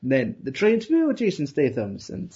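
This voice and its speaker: A man's voice: on the high side, huge pitch swings, normal speed, mellow, highs cut off. A man hosting a casual podcast chat, telling rambling stories, laughing easily and asking questions.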